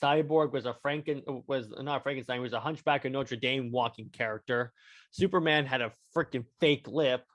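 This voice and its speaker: Young adult man, podcast host, excited, rambling, stammered restarts, mid-pitched voice. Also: normal speed. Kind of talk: solo podcast review.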